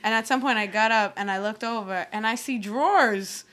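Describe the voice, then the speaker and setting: A woman co-hosting a podcast, telling stories in a lively casual way and swearing freely. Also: fairly high pitch, moderate pace. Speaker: podcast co-host. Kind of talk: casual chat.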